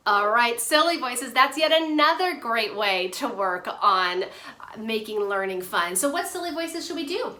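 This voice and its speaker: A woman occupational therapist giving a handwriting lesson to parents, talking to viewers directly in an animated, playful way. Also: sits high, slow pace. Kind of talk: instructional video for parents. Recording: roomy echo.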